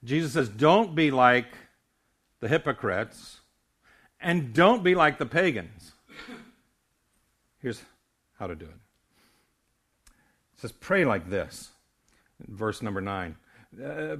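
An older man delivering a sermon from the pulpit in an earnest, teaching manner. His voice sits in an ordinary middle pitch, and he often trips over words and restarts them before pressing on. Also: very animated, takes it slowly, long pauses, fairly bright tone, breathy edge. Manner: earnest preaching with frequent stammered restarts. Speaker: pastor.

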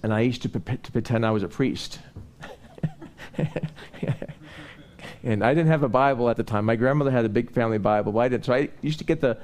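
A man preaching a sermon, telling personal stories in a rambling, conversational way and building into animated preaching. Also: mid-range voice, fairly quick, long pauses.

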